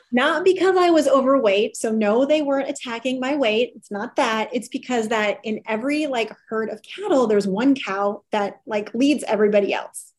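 A woman's voice: on the high side, expressive, moderate pace. Emphatic woman guest in candid chat. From farming family. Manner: candid, emphatic, laughs easily. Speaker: guest, company CEO. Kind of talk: casual interview chat.

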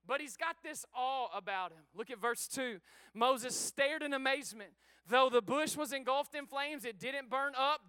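High, bright-voiced energetic male pastor. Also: smooth, dry recording. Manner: energetic, exhorting the congregation; casual and joking, says he is sweating. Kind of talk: sermon. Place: church sanctuary before a congregation.

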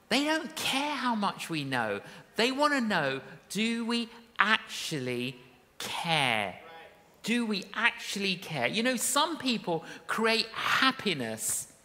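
A woman's voice: medium pitch, sharp tone. Woman preaching in a reverberant hall. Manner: storytelling, rising to emphatic calls. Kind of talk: sermon. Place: church hall. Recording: long reverb of a large hall.

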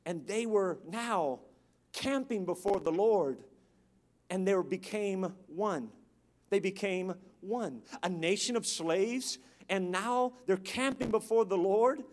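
A man preaching a sermon, building his repeated phrases up to loud, emphatic peaks. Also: sits high, slow.

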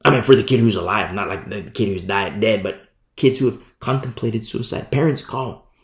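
A man preaching a sermon as pastor, swinging from hushed near-whispers to loud emphatic lines. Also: fairly low pitch, normal speed, roomy sound. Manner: preaching with sudden drops to a hush and rises to loud emphasis.

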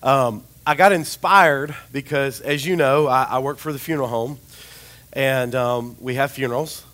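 A man preaching a sermon, with a chatty, rambling storytelling manner and a slightly hoarse voice. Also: mid-range voice, steady tone, normal speed, a bit bright. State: hoarse, recovering voice.

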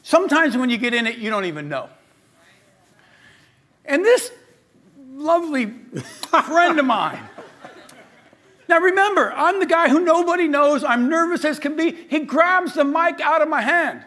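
High-voiced, bright animated male pastor. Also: measured pace, long pauses. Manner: animated storytelling, acting out quoted voices. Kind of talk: sermon.

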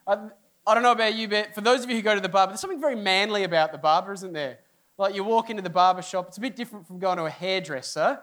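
A man's voice: high voice, very fast. A middle-aged man, a pastor, telling a funny story to a congregation, acting out the people in it. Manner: animated storyteller, acts out people, voice jumps up for inner outbursts. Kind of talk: humorous sermon storytelling. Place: church hall before a congregation.

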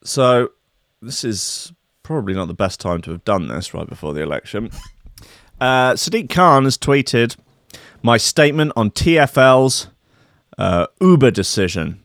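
A man's voice: mid-range voice, very animated, a little slow, a bit bright, no room sound, clean studio sound. A man hosting casual solo commentary, with a playful, sweary, rambling manner. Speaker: host.

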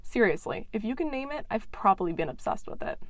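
A young adult woman hosting a science podcast reads a scripted intro in a playful, excitable, self-mocking manner. Her voice is a little high and brisk, with no room sound.

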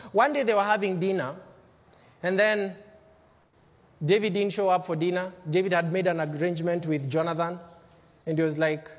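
Male pastor, high voice, preaching hard with dynamic swings; muffled recording, long church echo. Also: steady tone, moderate pace, pauses often. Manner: emphatic preaching, swinging from loud to hushed. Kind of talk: sermon. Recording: dull lo-fi sermon recording with long hall reverb.

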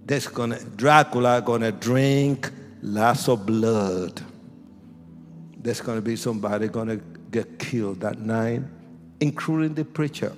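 A man's voice: medium pitch, measured pace, soft background music. Theatrical preaching man in church reverb. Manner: theatrical, bursts into shouts, acts out scenes. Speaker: evangelist giving testimony. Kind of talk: dramatic testimony sermon. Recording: long church hall reverb.

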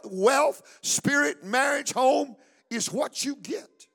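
A man preaching a fiery sermon at a church service, shouting, chanting, and calling on the congregation to answer back. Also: very high voice, slow pace, vocal fry. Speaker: pastor.

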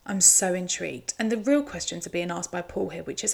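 A woman talks through a recap in a casual, wry way. Her voice sits a little low and carries a noticeable gravelly fry. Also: brisk. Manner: chatty, wry, teasing. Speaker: show recap host.

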